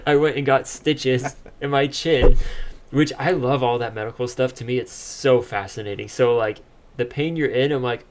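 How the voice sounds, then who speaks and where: A man's voice: mid-range voice, steady tone, normal speed, slight background noise. A young man, a podcast co-host, telling a personal story in casual chat, laughing often as he talks.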